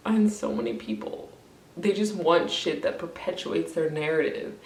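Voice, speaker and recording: A woman's voice: mid-range voice, unhurried, creaky, a little mellow, reverberant, distant mic. A woman ranting in an emotional vlog, crying, frustrated and rambling, swearing often. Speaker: vlogger.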